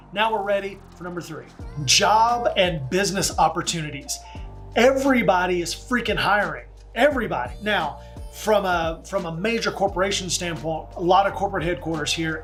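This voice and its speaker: A man's voice: sits high, a bit bright. A man working as a real estate agent, talking in a chatty, folksy vlog manner with slangy asides. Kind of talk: casual vlog.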